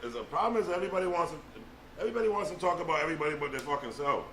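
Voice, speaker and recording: A man's voice: on the high side, expressive, racing, fairly bright tone, reverberant, far from the mic, slight background noise, rough recording. A man ranting in casual podcast talk, repeating himself and cursing. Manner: ranting, repetitive, profane.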